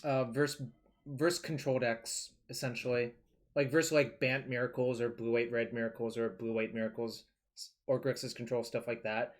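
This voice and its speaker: Male streamer, casual running talk over a card game, mid pitch, curses freely. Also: flat delivery, moderate pace. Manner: loose and chatty, swears, thinks aloud. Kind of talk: casual live-stream commentary.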